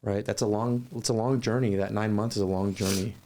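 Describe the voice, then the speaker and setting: A man guest on a podcast, telling a personal story in a measured, thoughtful, sincere way. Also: on the low side, fairly even intonation, warm tone, slight background noise.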